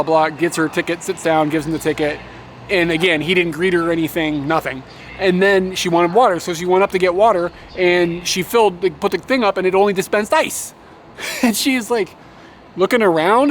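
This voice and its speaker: A young man telling a story in a casual travel vlog, animated and swearing, laughing as he rants. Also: sits high, slight background noise. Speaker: motovlogger.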